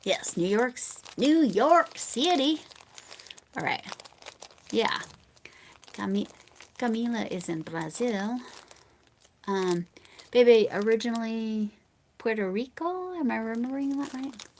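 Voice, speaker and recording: An American woman hosting a livestream, chatting casually with viewers and reading their comments. She rambles and drifts into soft mumbled asides. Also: a little high, measured pace, pauses often, a little hiss or hum. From United States. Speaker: livestream host.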